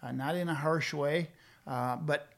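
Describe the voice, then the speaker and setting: An older man, a guest speaking on leadership, reflects in a conversational discussion. His voice is on the high side, gravelly, and a little slow, with frequent fillers and restarts.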